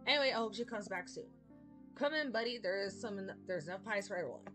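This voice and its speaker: A woman reading out a welcoming male baker from a video game who presses his pies on a guest. The lines are read plainly at a middling pitch. Game music plays clearly underneath. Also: expressive, quick pace, lightly acted. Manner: reads the game's dialogue aloud.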